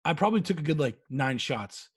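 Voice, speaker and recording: Husky, high-voiced young man. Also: animated, brisk. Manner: laid-back, frequent swearing. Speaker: podcast co-host. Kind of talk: casual storytelling chat.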